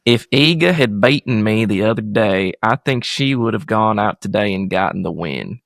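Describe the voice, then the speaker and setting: A female tennis pro giving her statement after losing a match, read flatly by a man on a podcast. The voice is low and gravelly, and it sounds close and dry, with no room around it. The lines are read plainly, with no attempt at an accent. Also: fairly quick, no room sound. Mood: sheepish. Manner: plain line reading without an accent.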